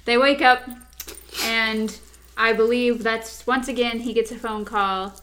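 A woman in casual chat, recapping a show and acting out the characters' lines in quick voices. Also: a little high. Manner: animated, acts out quoted lines in quick voices. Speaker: podcast co-host.

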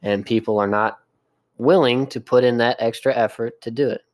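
A man's voice: mid-range voice, steady tone, normal speed. A man on a casual podcast whose voice cracks from damaged vocal cords, arguing his facts with insistence. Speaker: podcast co-host.

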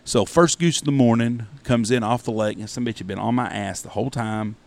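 Gravelly man telling a cussing story. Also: medium pitch, a little fast. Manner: profane, animated anecdote-telling. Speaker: podcast host. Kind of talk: casual storytelling.

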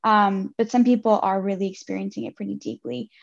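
A woman's voice: medium pitch, steady tone, a little fast, creaky. A woman from Ontario hosting an interview, friendly and affirming in loose, casual phrasing. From Ontario, Canada. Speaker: host. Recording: dull lo-fi audio.

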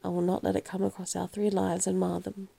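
Earnest devoted painter read by a woman, husky with a gravelly edge, storybook reading. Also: mid-range voice, monotone, fairly quick, dark tone. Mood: pleading. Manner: earnest, pleading.

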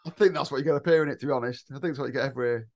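A man's voice: medium pitch, rapid-fire, vocal fry, muffled recording. An English electrician in his thirties, co-hosting a casual podcast and telling funny stories with swearing and laughter. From England. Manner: lively storyteller, swears, laughs often.

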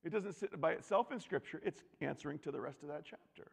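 A man preaching a sermon, animated and swinging from loud declarations to hushed asides. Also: on the high side, fast, gravelly, breathy edge, in a large hall.

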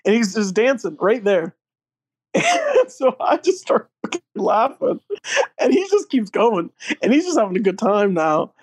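A man's voice: sits high, sing-song, normal speed, a little mellow. A young man in casual conversation, rambling through a story and laughing along the way. He talks loosely, with lots of filler words.

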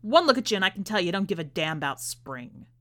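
A woman reading a story aloud, voicing a coarse, mocking male clown who jeers quickly. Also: lowish voice, very animated, a bit bright. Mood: scornful. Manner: quick, jeering and crude. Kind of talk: audiobook character voice.

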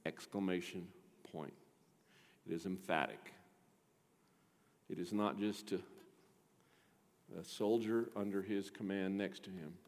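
A middle-aged male pastor preaching a sermon, emphatic, swinging between quiet and loud, questioning the congregation. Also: low-pitched, steady tone, a little slow, long pauses. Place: church sanctuary. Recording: long reverb of a church hall.

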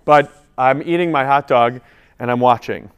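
A priest tells a story to a gathering of college students, then builds into preaching emphasis as the sermon unfolds. His voice is medium-pitched with a clean tone, delivered at a moderate pace.

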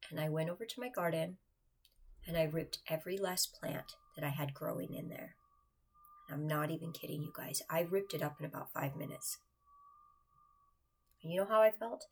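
A woman's voice: low-pitched, gravelly, darkish tone, breathy edge. A woman telling viewers an earnest personal faith testimony in a confiding way, often dropping to a whisper. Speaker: churchgoer sharing a faith testimony.

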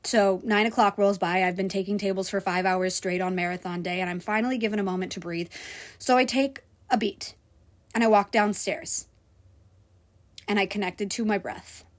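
On her vlog, a server candidly recounts something personal, alternating between loud frustration and hushed moments. Her mid-range voice holds a steady tone at normal speed.

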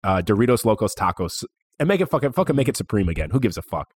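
A young man co-hosting a casual podcast, relaxed and joking. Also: lowish voice, quick pace, background noise. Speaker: podcast co-host. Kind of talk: casual chat.

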